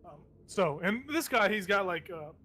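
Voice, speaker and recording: A man narrates a tabletop game as game master, rambling with plenty of fillers. His voice sits high and sounds bright and forceful, with lively intonation at normal speed and slight background noise.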